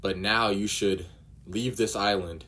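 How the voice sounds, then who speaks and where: A man voicing an older village man who speaks with firm, steady reassurance. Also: fairly low pitch, measured pace. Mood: earnest.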